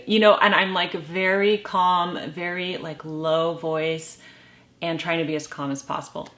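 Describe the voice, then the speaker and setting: A middle-aged woman giving lifestyle advice to camera in a calm, measured way with gentle humor. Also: on the low side, faint music behind. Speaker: lifestyle vlogger. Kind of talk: casual advice talk to camera.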